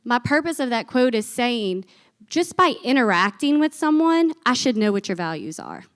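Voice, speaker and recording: Lively woman giving a stage talk. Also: fairly high pitch, moderate pace. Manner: energetic, chatty, uses folksy phrases. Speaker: conference speaker. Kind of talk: business conference talk. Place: conference stage before an audience.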